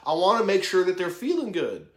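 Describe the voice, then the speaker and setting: Speaking quickly in a high, fairly bright voice whose pitch swoops wildly, this thirtysomething motivational vlogger curses his way through a candid talk to camera. He's emphatic and open about where he falls short, and the room he's in is echoey.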